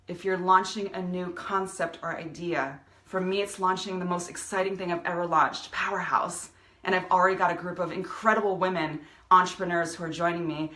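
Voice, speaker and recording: A woman's voice: lowish voice, sharp tone, reverberant. A woman giving a passionate motivational talk on a live video stream, speaking as a coach to her viewers. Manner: passionate, fired-up motivational delivery. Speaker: business coach.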